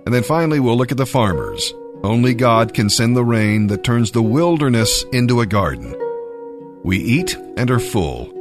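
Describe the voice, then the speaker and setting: A man preaching and reading scripture aloud, with expressive pacing that lingers on key phrases. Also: mid-range voice, normal speed, music in the background.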